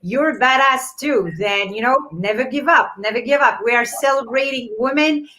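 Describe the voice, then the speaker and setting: A woman with a non-native English accent hosts a live online chat. She sounds encouraging and talks in a fairly high voice. She reads comments aloud with plenty of ums and uhs. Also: moderate pace, sharp tone. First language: not English. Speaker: host. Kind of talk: live-streamed event chat.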